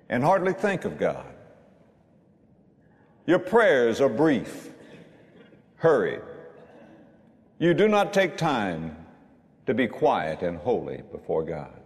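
Emphatic preacher man in a reverberant hall. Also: mid-range voice. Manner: emphatic, repeats lines for emphasis. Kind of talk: sermon.

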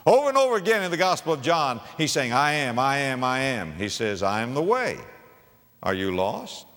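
A man preaching a sermon, swinging from hushed, low repetitions to loud, soaring proclamations. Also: sing-song, normal speed, in a large hall. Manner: dramatic swings from hushed to shouting, repeats phrases.

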